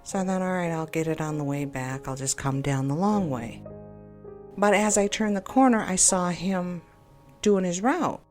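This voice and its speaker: A woman talks through a frustrating encounter in a loose, rambling monologue. She sounds upset and exasperated and keeps doubting herself. Quiet music plays underneath. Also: lowish voice, moderate pace. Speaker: game video creator. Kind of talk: personal venting monologue. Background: faint background music.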